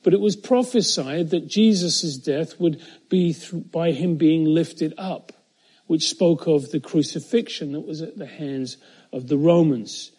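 A man preaching an expository Bible teaching, measured and emphatic, slowing down on key phrases, with occasional fillers and self-corrections. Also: on the high side, mellow, husky.

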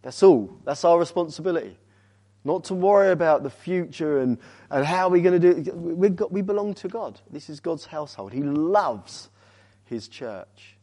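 A man preaching a sermon as a visiting speaker, urging the congregation with rhetorical questions and swinging from loud emphasis to quiet, weighty words. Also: on the high side, lively intonation, moderate pace.

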